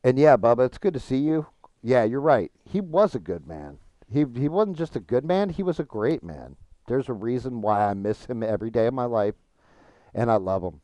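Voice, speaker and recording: A man's voice: mid-range voice, sing-song, normal speed, dark tone, dry recording. A man chatting casually with his stream chat while gaming, frank and profane, rambling and restarting his thoughts.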